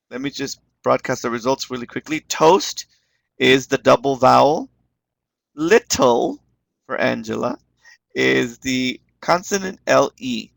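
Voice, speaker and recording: A man's voice: medium pitch, vocal fry, a bit bright, no echo. A man leading an online teaching webinar, encouraging the class and repeating words as he explains them. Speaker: webinar instructor.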